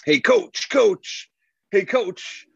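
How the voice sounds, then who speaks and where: A man imitating a big, rowdy male rugby fan who yells cheeky encouragement from behind the posts. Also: very high-pitched, sing-song, very slow, creaky, husky, no room sound, highs cut off, pitched above the performer's own voice, heavily acted. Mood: hollering.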